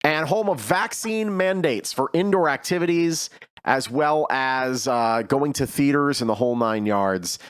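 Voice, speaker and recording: A man hosting a casual chat show, talking in an animated, rambling way with frequent restarts. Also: medium pitch, a little slow, smooth, no echo, studio quality. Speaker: host.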